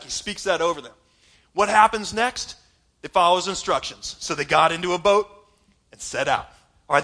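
A man's voice: high voice, pushed and bright. A man preaching a sermon in an emphatic, conversational way, laughing now and then as he talks to his congregation. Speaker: pastor.

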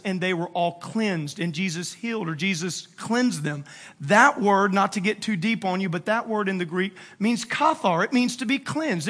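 A man preaching a casual, slangy sermon, retelling a Bible story with animated acted-out quotes. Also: sits high. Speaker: pastor.

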